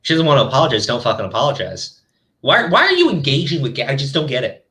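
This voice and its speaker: A man's voice: medium pitch, sing-song, fast, bright, forceful tone. A man hosting a commentary show, ranting angrily and swearing heavily as he reacts to a video. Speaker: commentary channel host.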